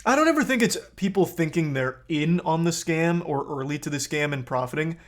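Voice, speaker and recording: A man's voice: fairly high pitch, expressive, brisk. A man streaming live, reacting to a video with blunt, heated commentary and a lot of swearing.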